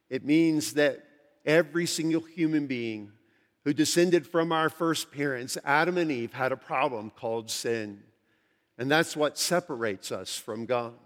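Preaching man in a reverberant church. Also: a little high. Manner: earnest preaching, slows down to stress key phrases; conversational asides with the congregation. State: parched, dry throat. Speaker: pastor. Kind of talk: sermon. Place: large church sanctuary. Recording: long hall reverb from a large church.

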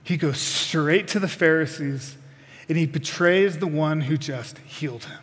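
A man's voice: a little high, a little slow, fairly bright tone, big-room sound. A man preaching a sermon, putting direct questions to the congregation with folksy asides.

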